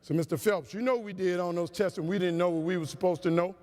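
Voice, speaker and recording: A man giving a humorous motivational keynote to a conference crowd, with an animated, preacher-like cadence. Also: sits high, quick pace. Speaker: motivational speaker. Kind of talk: storytelling keynote speech. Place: large conference hall. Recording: long hall reverb.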